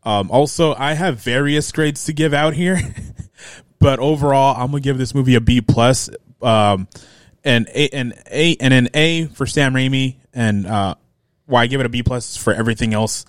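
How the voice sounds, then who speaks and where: A man co-hosting a relaxed podcast about a film. He talks loosely, laughing and restarting his sentences as he goes. He is heard close on the mic with a dry sound. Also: medium pitch, moderate pace, no echo. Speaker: podcast co-host. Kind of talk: casual movie review chat.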